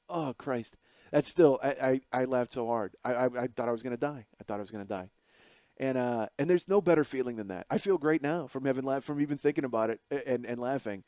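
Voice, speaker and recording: A man's voice: medium pitch, darkish tone, dry recording. Rambling, crude male comedian in his forties. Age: 40s. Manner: rambling, crude, fond of asides like "you know what I mean". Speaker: stand-up comedian and podcast host. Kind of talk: profane comic storytelling monologue.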